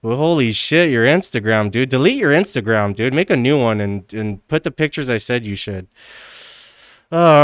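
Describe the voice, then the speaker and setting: A man's voice: mid-range voice, clear, resonant tone, no room sound, clean studio sound. A man on a casual live stream, teasing and swearing, who keeps breaking into laughter and calls everyone dude. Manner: slangy, says dude constantly.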